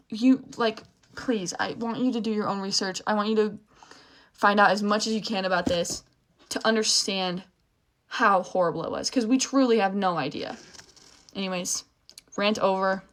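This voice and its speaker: A woman's voice: mid-range voice, moderate pace, a bit bright. A young woman ranting angrily to camera, swearing often and breaking off mid-sentence. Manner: angry, swearing often, emphatic; restarts and trails off while upset. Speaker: social media creator. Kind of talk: heated rant to camera.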